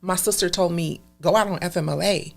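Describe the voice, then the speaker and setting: A woman with a low, gravelly voice tells her story on a podcast. Her delivery is emphatic and animated, with plenty of fry in her tone, and she speaks in a casual, conversational way. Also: a little fast, faint music behind. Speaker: podcast guest.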